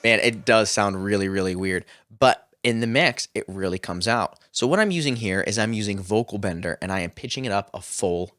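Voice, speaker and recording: A man with a slightly low voice walks through a home recording tutorial. He explains each step plainly, in an upbeat, encouraging way. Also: brisk, few pauses, a bit bright. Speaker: music production tutor.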